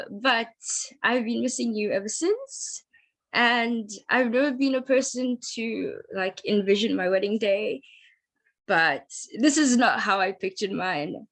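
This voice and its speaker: Slow, hesitant bride on a call. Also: female voice, a little high. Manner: hesitant, many ums, soft laughs. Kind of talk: reading personal wedding vows. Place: at home late at night. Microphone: video call.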